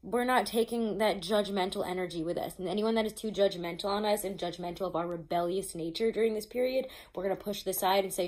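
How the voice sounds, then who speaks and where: A woman's voice: medium pitch, steady tone, fast talker, hardly any pauses, darkish tone. A woman giving a casual tarot reading, chatty and loose, swearing freely and stumbling over her notes. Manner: reads from notes, restarts often. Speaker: tarot reader.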